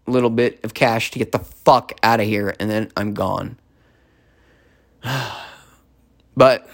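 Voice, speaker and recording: A man in his thirties hosting a solo podcast from his apartment, cursing constantly and switching between furious shouting and low, weary talk. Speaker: podcast host.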